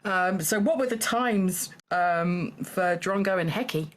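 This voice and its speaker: A woman hosting a live-streamed game show, talking in a halting way with lots of fillers and small laughs. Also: on the low side, slight background noise. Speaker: Taskmaster host.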